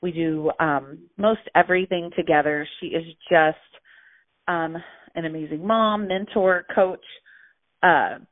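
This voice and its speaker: A young pregnant woman hosts a weekly motivational call, leaving a casual phone message that's bubbly and gushing, full of laughs and fillers, and a little out of breath. Her voice is low-pitched and steady, a little slow, over a tinny, dry phone line.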